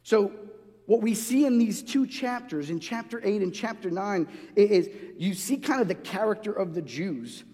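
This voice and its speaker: A man's voice: high-pitched, expressive, normal speed, darkish tone. A man preaching a sermon in a loose, conversational way, restarting phrases often and acting out the voices he quotes. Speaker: pastor. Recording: long hall reverb.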